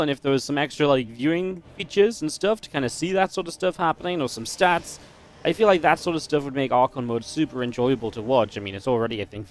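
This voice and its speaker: A man casting a strategy game match, chatty and analytical, breaking into easy laughs. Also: medium pitch. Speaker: esports caster. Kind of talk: play-by-play game commentary.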